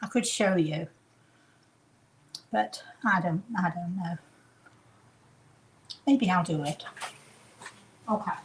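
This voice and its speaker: English woman hosting a home cooking show, rambling and self-mocking, soft clatter of pots in the kitchen. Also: on the low side, takes it slowly, pauses often, background noise. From England. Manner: chatty, rambling, self-deprecating asides. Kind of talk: casual home cooking demonstration.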